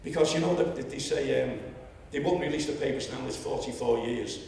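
A man in his seventies with a Liverpool accent, telling a story at a public meeting and rising to loud indignation. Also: medium pitch, brisk, gravelly, slight background noise. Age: 70s. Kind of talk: impassioned public speech. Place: lecture hall. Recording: echoey hall, distant mic.

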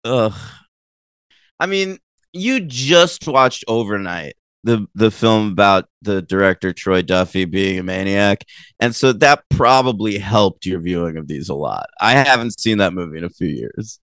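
A man's voice: on the low side, expressive, measured pace, a bit bright, clear, resonant tone, no echo. Dry, teasing man hosting a podcast. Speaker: podcast host. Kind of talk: casual podcast chat.

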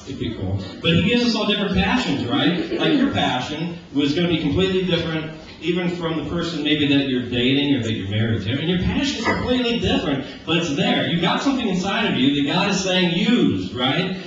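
Animated joking preacher man in an echoey church. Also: a little high, brisk. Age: 40s. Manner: animated and joking, acting out everyday dialogue. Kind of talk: casual conversational sermon. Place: church sanctuary. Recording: echoey church, distant, dull lo-fi with hiss.

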